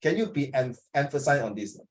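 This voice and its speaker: Speaking fairly quickly and with animation, a man with a mid-range voice and Singaporean accent runs a classroom lesson, teasing students, asking them questions, and blending in Mandarin.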